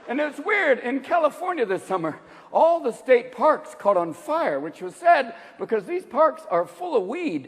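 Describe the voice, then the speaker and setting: A man performing stand-up comedy, crude and animated, laughing along with the audience. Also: extremely high pitch, normal speed, a little hiss or hum. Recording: live hall with loud crowd.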